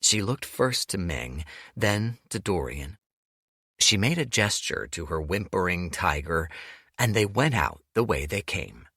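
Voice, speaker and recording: A man narrating an audiobook in an expressive, storytelling manner. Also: sits low, measured pace, breathy edge, no echo, clean studio sound.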